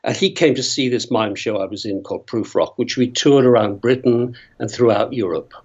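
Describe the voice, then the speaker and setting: Older Northern Irish actor guest, rambling raconteur, muffled remote audio. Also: male voice, mid-range voice, normal speed, a little mellow, breathy edge. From Northern Ireland. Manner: chatty, rambling storyteller who laughs often. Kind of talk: casual interview storytelling.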